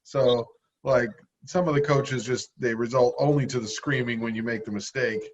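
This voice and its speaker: A man hosting a podcast speaks in a mid pitch, thoughtfully summing up what his guest has said. His voice comes through a somewhat dull, lo-fi recording. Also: steady tone, moderate pace. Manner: reflective, sums up guest's story. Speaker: podcast host. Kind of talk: interview chat. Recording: dull lo-fi audio.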